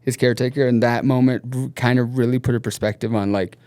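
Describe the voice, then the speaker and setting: A middle-aged man, a podcast guest, telling a wild road-trip anecdote in a loose, profane, animated way. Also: mid-range voice, fast talker, smooth, no echo. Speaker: podcast guest, snowboard team manager. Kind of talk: casual storytelling.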